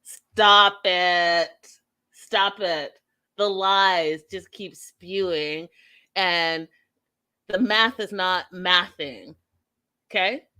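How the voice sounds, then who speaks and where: A woman's voice: fairly low pitch, extremely slow, pauses often, bright, forceful tone. A woman hosting a casual reality TV recap, sassy and blunt with an exasperated edge. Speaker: podcast host.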